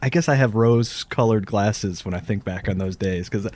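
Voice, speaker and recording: A man's voice: fairly low pitch, moderate pace, darkish tone. A man chatting as a guest comedian, cracking self-mocking jokes and laughing often. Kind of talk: casual chat.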